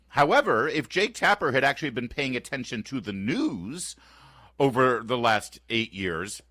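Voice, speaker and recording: A man in his fifties hosting a radio talk show, chatting in an animated, opinionated and sarcastic way, often restarting his sentences. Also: mid-range voice, a little slow, dry recording, studio quality. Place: radio studio. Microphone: close studio microphone.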